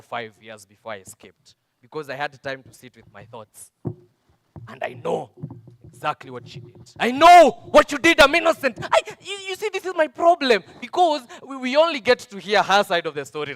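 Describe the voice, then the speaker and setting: An actor playing an abusive, self-pitying drunk husband, on stage, blustering and defensive, with constant "eh?" interjections. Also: male voice, fairly high pitch, a bit bright, big-room sound. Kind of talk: stage play monologue. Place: festival stage.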